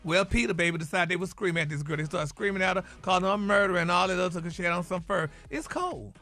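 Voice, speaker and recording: Flamboyant male gossip host, high bright voice, honey-this y'all-that radio banter. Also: fast, soft background music. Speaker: celebrity gossip segment host. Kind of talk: radio morning show gossip chat.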